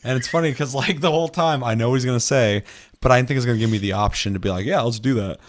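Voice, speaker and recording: A man's voice: medium pitch, very fast. A man co-hosting a gaming podcast, telling a story in casual chat, swearing freely and acting out quotes. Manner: profane, animated storytelling with acted-out quotes. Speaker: podcast co-host.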